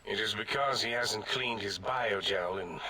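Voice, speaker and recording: A man's voice: lowish voice, unhurried, crowd noise, lightly acted. A man voicing a pompous, scatterbrained mad scientist. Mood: indignant. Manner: pompous, scatterbrained, contradicts himself. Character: eccentric, rambling, self-important male mad scientist. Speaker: scientist character in a video game. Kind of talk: game character dialogue.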